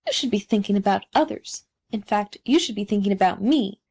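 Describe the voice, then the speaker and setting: A woman's voice: medium pitch, lively intonation, a little fast, vocal fry, a little mellow, slightly rough. A woman doing a pompous, conceited rocket. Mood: indignant. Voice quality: haughty, self-important.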